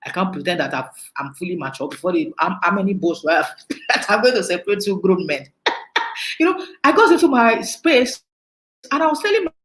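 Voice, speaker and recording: A Nigerian woman giving a storytelling talk on emotional intelligence, animated and laughing often. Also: medium pitch, a little fast, reverberant, low-quality recording.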